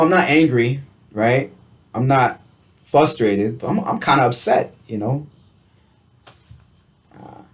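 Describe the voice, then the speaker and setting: A man in a casual self-help vlog, thinking out loud at an ordinary pitch. He circles back on himself, restarting phrases and leaning on "you know" and "right?" as he works his ideas out. His tone stays reflective, with a light laugh slipping in now and then. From United States. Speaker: vlogger.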